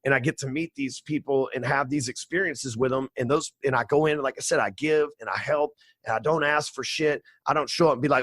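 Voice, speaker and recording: Fast-talking brash man in his forties. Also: mid-range voice, steady tone, a bit bright. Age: 40s. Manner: brash, profane, streetwise bragging. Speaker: podcast guest, sales trainer. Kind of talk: casual storytelling interview.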